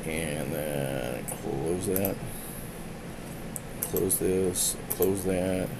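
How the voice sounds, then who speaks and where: A man's voice: low voice, drawn-out words, background noise. A man casually chatting on a live stream, rambling and self-deprecating as he mutters to himself while changing settings.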